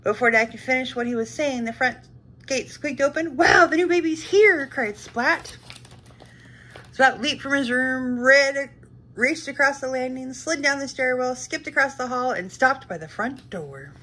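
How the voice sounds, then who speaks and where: A woman reading a children's picture book aloud with lively, expressive storytelling. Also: high voice, measured pace.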